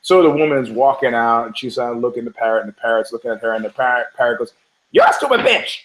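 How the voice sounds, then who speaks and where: A man's voice: mid-range voice, flat delivery, racing, rough recording. A man hosting a podcast, riffing in a rambling, profane monologue full of restarts and tangents, telling jokes and acting out the voices. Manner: storytelling with voices, laughs at own jokes. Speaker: podcast host. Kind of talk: casual sports commentary monologue.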